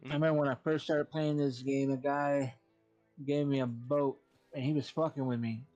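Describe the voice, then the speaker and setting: A man's voice: normal speed, highs cut off, faint music behind. A man hosting a game stream, telling stories in casual chat, swearing freely and mimicking other people. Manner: animated storytelling, swearing, mimics others in high voices. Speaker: streamer host.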